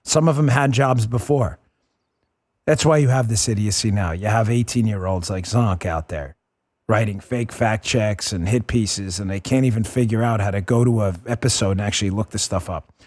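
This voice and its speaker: A man hosting a political talk show, talking in a fast, combative, sarcastic way. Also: lowish voice, a little mellow. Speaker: host.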